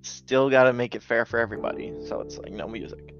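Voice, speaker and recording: A man's voice: mid-range voice, quick pace, muffled recording, soft background music. An American man in his twenties, a podcast guest telling rambling stories with lots of fillers and laughs. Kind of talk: casual interview chat.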